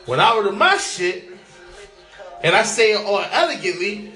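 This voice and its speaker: A young man hosting a casual solo podcast, talking in a profane, animated way and laughing often. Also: high-pitched, moderate pace, long pauses, echoey room, faint music behind. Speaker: podcast host.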